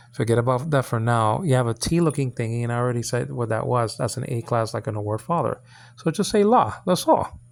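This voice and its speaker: A man's voice: medium pitch, gravelly. A man hosting his own channel and teaching Hebrew letters from the Bible in an informal lesson. He halts, repeats words and checks in with his listeners. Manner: halting, repeats words, many fillers; coaxing checks like "okay?" and "you understand?".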